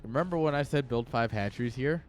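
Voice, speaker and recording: Male game caster, casual and excitable, middling pitch, faint music under him. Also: fast. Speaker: esports caster. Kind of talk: live game commentary.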